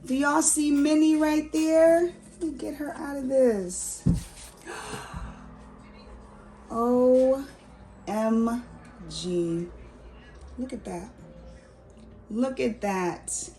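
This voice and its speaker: A woman's voice: high voice, drawn-out words, long pauses, mellow, soft background music. A woman gushing through a gift unboxing at home, exclaiming and repeating herself. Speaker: vlogger. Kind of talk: unboxing vlog.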